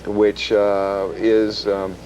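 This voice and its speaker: A man hosting a TV shopping show, pitching items and interviewing a guest, with many uhs. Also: monotone, very slow, darkish tone, highs cut off, a little hiss or hum. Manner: smooth salesy, fills with uh. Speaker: TV shopping host. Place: TV shopping studio.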